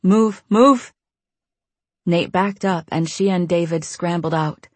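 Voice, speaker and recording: Low husky woman narrating. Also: moderate pace, dry recording. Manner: tense, steady storytelling. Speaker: audiobook narrator. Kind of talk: scripted narration.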